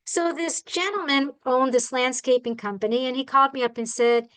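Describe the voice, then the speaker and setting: Chatty female bird rehabilitator, high voice, animated storyteller who checks in with the room. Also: moderate pace, hardly any pauses, clear, resonant tone, low-quality recording. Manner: animated, acts out the people and birds in her stories; chatty, asks the audience "all right?". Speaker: bird rehabilitator giving a talk. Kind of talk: storytelling talk to a club.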